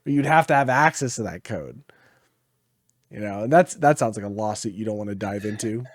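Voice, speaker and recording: A man's voice: lowish voice, a little fast, dry recording, clean studio sound. A tired man co-hosting a podcast in casual chat, rambling and swearing freely. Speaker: podcast co-host.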